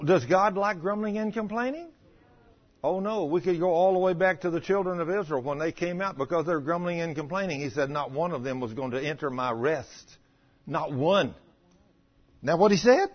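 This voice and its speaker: An older man preaching a folksy, animated sermon about healing, acting out the voices in his stories. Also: on the high side. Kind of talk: sermon storytelling. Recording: dull lo-fi recording.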